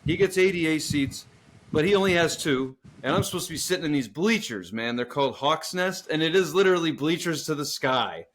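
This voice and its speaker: Animated, profane male storyteller. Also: fairly high pitch, brisk. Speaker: podcast co-host. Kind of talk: casual storytelling chat.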